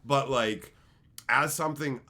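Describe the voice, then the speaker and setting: A man's voice: mid-range voice, measured pace, bright, forceful tone. A man hosting a livestream who talks bluntly and with lots of profanity, telling combative stories. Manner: acts out quotes with big swings in voice. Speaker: streamer and show host. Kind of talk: casual rant on a livestream.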